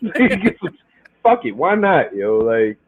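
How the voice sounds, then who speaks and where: A man's voice: fairly high pitch, sing-song, unhurried. A man co-hosting a casual podcast, joking in slang and laughing through his lines. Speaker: podcast co-host. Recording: phone-like band-limited call audio.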